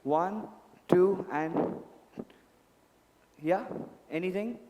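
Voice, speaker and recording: Speaking very slowly in a high-pitched but dark-toned voice, a man performs a magic act in a large hall at a club event. Into his handheld mic, he courteously coaxes volunteers, calling them sir and ma'am.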